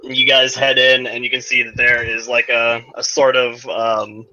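Bright-voiced male game master. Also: medium pitch, little pitch movement, normal speed. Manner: rambling, many fillers. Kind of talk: narrating a tabletop game. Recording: dull lo-fi recording, faint music.

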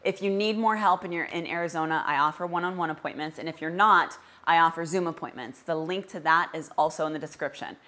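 A woman's voice: low-pitched, quick pace, hardly any pauses, pushed and bright. A woman dog trainer explains her method in a direct, emphatic teaching manner and uses everyday comparisons. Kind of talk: instructional explanation.

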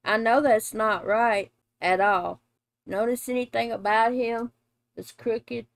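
Slow, blunt, animated woman reacting. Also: fairly high pitch, gravelly, no echo. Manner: animated, blunt, laughs and exclaims. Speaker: reaction channel host, mother. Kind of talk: casual reaction chat.

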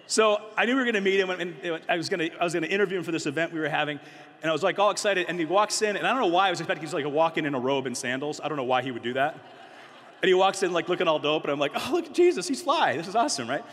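Middle-aged man telling stories to a youth crowd, slightly high, joking, in a long-reverb hall. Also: very fast, a little hiss or hum. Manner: animated, joking, conversational, many fillers. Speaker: youth conference speaker. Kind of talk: energetic storytelling talk to a youth audience. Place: large conference hall.

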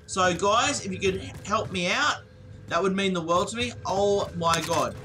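A young man with an Australian accent chats away while streaming a shooter, his voice pitched high and quick to burst out. He swears freely and thanks his viewers over and over. Game noise and clicking sit clearly under his voice. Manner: excitable, swears often, thanks viewers profusely. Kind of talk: live-streamed gameplay chat.

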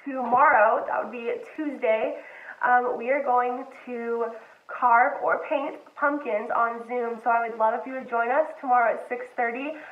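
A woman reading a children's story aloud at home in a gentle, unhurried way, then chatting to her listeners. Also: on the high side, steady tone. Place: home, dogs nearby. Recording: echoey, tinny phone-like sound.

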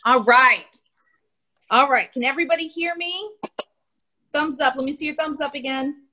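A young woman with a Midwestern American lilt leads a children's storytime over a video call, reading a picture book aloud. Her voice sits a little high, and she keeps it animated and encouraging, coaxing the kids to join in. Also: moderate pace, rough recording. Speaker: art teacher.

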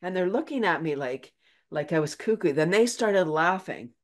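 A woman's voice: on the low side, expressive, moderate pace. An older woman, a laughter yoga teacher, chatting as a guest with lots of laughs and acted-out quotes. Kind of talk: casual interview chat.

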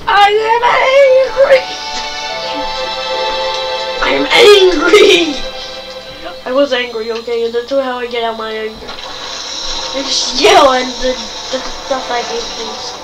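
A woman giving let's-play commentary, excitable and playful, often yelling and laughing. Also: on the high side, a little slow. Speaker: gamer. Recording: distant mic with game music behind.

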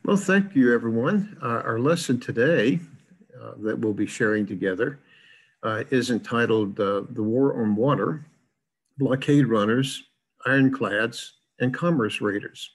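A man's voice: mid-range voice, measured pace, slightly rough, poor audio. An older man from the American South with a plain Midwestern-sounding accent, lecturing in an online class in a chatty, rambling way with lots of fillers.

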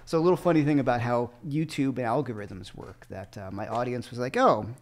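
A man's voice: medium pitch, fairly quick, darkish tone. Man rambling through a livestream chat. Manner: loose, rambling asides. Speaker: guitar teacher.

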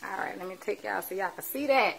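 A woman's voice: medium pitch, fast talker, gravelly, a bit bright, slight background noise. A woman cooking at home on a live stream, chatting and teasing as she talks to her viewers. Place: home kitchen. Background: clatter of dishes and cutlery.

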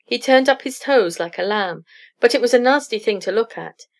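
A woman's voice: fairly high pitch, animated, moderate pace. A woman reading as a roguish male poet. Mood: relieved. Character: rakish male poet rogue, nervous.

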